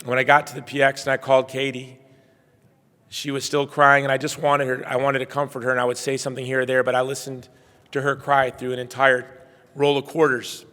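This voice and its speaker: A middle-aged man giving a keynote speech, telling a personal story in earnest and moving between quiet and loud passages. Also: mid-range voice, completely flat delivery, a little fast. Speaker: keynote speaker. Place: banquet hall. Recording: reverberant hall.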